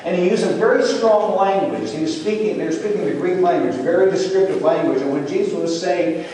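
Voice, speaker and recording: A male pastor delivers a storytelling sermon with a somewhat high voice, letting the drama swell as he goes. He sounds distant from the mic, and his words ring through a long, echoing church hall with faint room ambience behind. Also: fairly quick, warm tone, slight background noise. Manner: vivid storyteller, builds to rising intensity. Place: church sanctuary. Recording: echoey hall, from far off.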